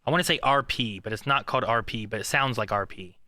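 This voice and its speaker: A man's voice: mid-range voice, fast talker, pushed and bright, no room sound, studio quality. A man co-hosting a podcast in casual chat, rambling with many fillers and restarts. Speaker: podcast co-host.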